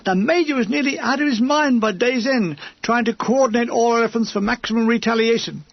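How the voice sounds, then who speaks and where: A man's voice: very high-pitched, fairly quick, creaky, no echo, lo-fi sound. A man narrating an audiobook memoir with dry, comic storytelling.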